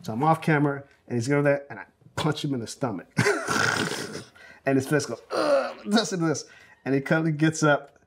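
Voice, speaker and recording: A man in his forties from South Central Los Angeles, a film director telling anecdotes in an interview, animated and full of fillers, acting out quotes. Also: a little high, moderate pace, pauses often, husky. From South Central Los Angeles, USA. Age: 40s. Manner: animated storyteller, acts out quotes, many fillers. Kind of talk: oral history interview, anecdotal storytelling.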